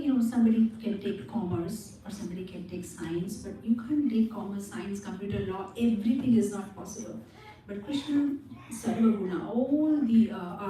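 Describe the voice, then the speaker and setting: A woman giving a devotional talk in an animated storytelling way, often laughing as she tells it. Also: mid-range voice, a little hiss or hum. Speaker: devotional speaker. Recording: distant mic in an echoey hall.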